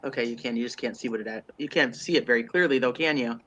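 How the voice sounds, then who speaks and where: A man's voice: medium pitch, fast, a bit bright, muffled recording, slight background noise. A congested man co-hosting a true crime livestream, rambling and thinking aloud with lots of fillers. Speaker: livestream co-host.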